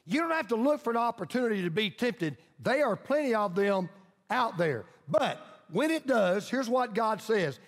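A man's voice: high voice, big pitch swings, moderate pace. A man pastor preaching a sermon emphatically, repeating lines for stress and leading his congregation in call-and-response. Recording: long reverb of a large hall.

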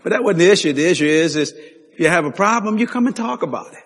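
A man preaching a sermon, telling stories animatedly with laughs and sudden shouts. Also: sits high, animated, fast talker. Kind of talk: sermon storytelling. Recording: long hall reverb.

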